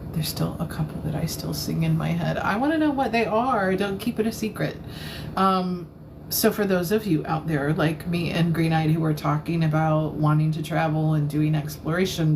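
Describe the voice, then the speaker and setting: A woman's voice: lowish voice, slight background noise. A woman tarot reader chatting casually on a live stream, playful and giggly, rambling as she talks into a phone.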